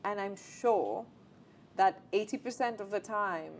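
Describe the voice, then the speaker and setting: A woman, a guest speaking as an actress in a casual conversation. She talks in a lively run, with restarts and many fillers. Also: medium pitch, unhurried. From Latin America. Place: theatre.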